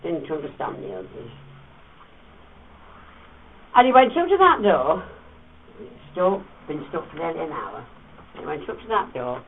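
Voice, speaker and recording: A man's voice: a little high, measured pace, pauses often, a little hiss or hum. A man guiding a tour group through a cave, telling teasing stories and acting out voices. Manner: playful, teasing storyteller with animated voices. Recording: distant, phone-like thin sound.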